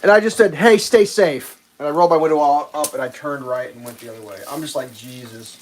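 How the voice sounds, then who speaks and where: A man hosting a livestream, telling a rambling, profane story while he cooks and loudly acts out the quotes. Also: medium pitch, quick pace, a little hiss or hum, rough recording. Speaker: livestream host. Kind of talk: casual storytelling while cooking.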